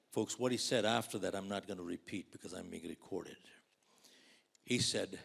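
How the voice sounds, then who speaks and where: A man in his sixties from India, giving a dramatic storytelling keynote that swings between loud outbursts and near whispers. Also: deep voice, moderate pace, vocal fry, husky. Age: 60s. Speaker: motivational speaker.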